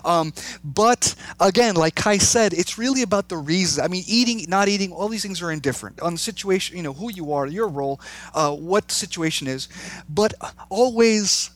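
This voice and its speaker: A man's voice: high voice, animated, normal speed, a bit bright. A man, co-author of a book, in a casual discussion, talking earnestly with many restarts. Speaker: co-author guest.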